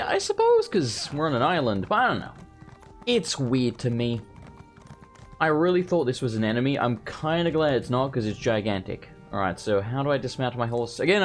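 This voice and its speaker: Hoarse gamer guy with a lively voice. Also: medium pitch. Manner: rambling, offhand, swears casually. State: losing his voice. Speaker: let's play host. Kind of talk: casual gameplay commentary.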